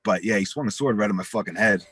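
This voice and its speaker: A husky man in his forties, telling rambling, profane stories as an interview guest and acting out the voices in them. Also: on the low side, quick pace, fairly bright tone, dry recording. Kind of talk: casual storytelling.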